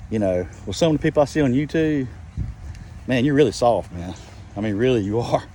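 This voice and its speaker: A man's voice: medium pitch, a little mellow. A man with a drawl rambles through a loose, chatty monologue. He keeps restarting his sentences, chuckles as he goes and teases in a trash-talking way. He sounds like he's outdoors near a vehicle. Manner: loose, repetitive storytelling with frequent restarts and chuckles. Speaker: trucking vlogger.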